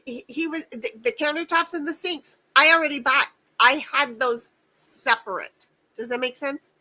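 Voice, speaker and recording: A woman hosts a casual livestream from home, her voice high and bright. She vents angrily, curses freely and stumbles over repeated phrases. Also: moderate pace, rough recording. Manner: profane, venting, repeats herself. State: angry and upset. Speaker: stream host.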